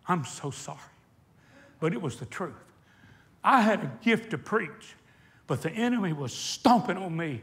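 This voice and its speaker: High-voiced impassioned male preacher. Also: animated, creaky, a bit bright. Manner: impassioned storytelling, slowing for emphasis. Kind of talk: sermon. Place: hot indoor meeting hall.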